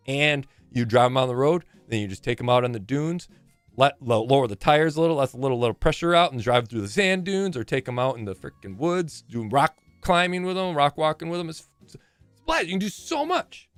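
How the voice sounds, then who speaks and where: A man's voice: medium pitch, lively intonation, fairly quick, no echo, soft background music. A man in his forties chatting casually on a live game stream, rambling and joking with plenty of swearing.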